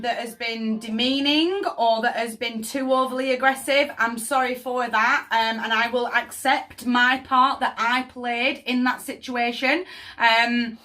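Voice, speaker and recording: A woman's voice: fairly high pitch, bright, forceful tone. A woman giving a tarot reading, speaking emotively and often asking "does that make sense" over faint background music. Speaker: tarot reader.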